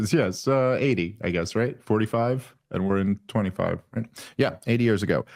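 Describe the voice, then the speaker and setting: A man's voice: lowish voice, normal speed, gravelly, darkish tone. A man arguing on a political podcast, heated and sarcastic, often restarting his sentences. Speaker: debate guest. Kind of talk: political debate conversation.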